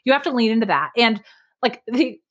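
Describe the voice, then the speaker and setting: A woman's voice: fairly high pitch, brisk. A woman guest, a public speaking coach, talking energetically and emphatically in a casual interview over a video call. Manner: energetic, emphatic, self-deprecating.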